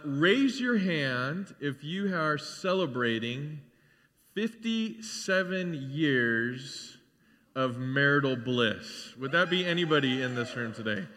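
A male pastor preaches in a relaxed, chatty way, full of fillers and lively asides. His voice is bright and sits a little high, and it rings out through a church hall with a long reverb. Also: measured pace. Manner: casual, conversational, with filler words and animated asides. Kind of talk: sermon. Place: church sanctuary.

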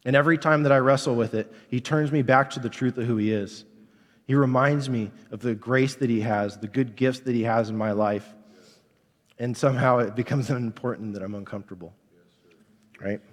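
A man in his thirties preaching in a church, at a moderate, ordinary pitch. He talks in a candid, conversational way. A long reverb hangs on his words in the sanctuary. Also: fairly even intonation, fairly quick. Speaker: pastor. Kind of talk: sermon.

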